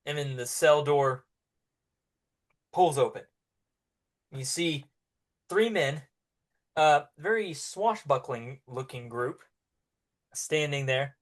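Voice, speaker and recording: A man's voice: fairly high pitch, takes it slowly, long pauses. A man narrating as game master, in a casual style with frequent laughs and fillers.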